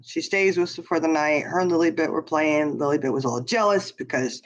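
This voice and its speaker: A woman's voice: low voice, brisk. A woman telling a long story in casual chat, laughing often and saying "you know" a lot. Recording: dull lo-fi sound.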